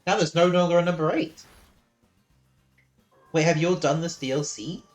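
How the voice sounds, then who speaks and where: A man hosting a live game stream chats casually, full of opinions. His voice sits on the higher side for a man and comes through a close mic. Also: fairly even intonation, normal speed, faint music behind. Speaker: streamer host.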